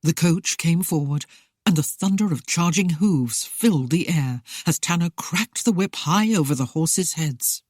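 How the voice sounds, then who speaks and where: An audiobook narrator reading a historical romance in a steady, even way. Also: medium pitch, measured pace, no room sound, studio quality.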